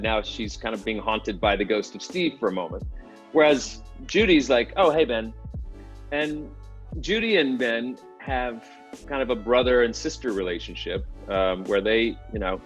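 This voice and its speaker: A man's voice: medium pitch, lively intonation, normal speed, faint music behind. A man, an actor, talking casually in an interview about his work, self-deprecating, laughing often and restarting his sentences.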